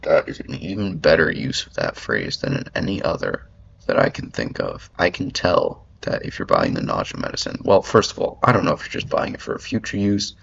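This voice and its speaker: A man's voice: a bass voice, huge pitch swings, brisk, creaky, fairly bright tone, slightly rough. A man ranting in rambling commentary as he reads an article aloud, swearing often and filling his talk with "like". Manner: rambling, profane, lots of "like" fillers. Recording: dull lo-fi audio.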